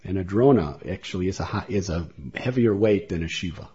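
A man's voice: low-pitched, a little fast, warm tone, husky. A man telling a devotional story as a speaker in a religious talk, in a dull lo-fi recording.

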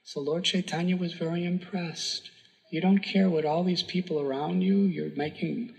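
A man giving a sermon, telling a devotional story in an earnest, emphatic way that sometimes drops to a hush. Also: fairly high pitch, steady tone, moderate pace, creaky, poor audio. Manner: earnest, emphatic storytelling with hushed whispered moments. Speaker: spiritual teacher.

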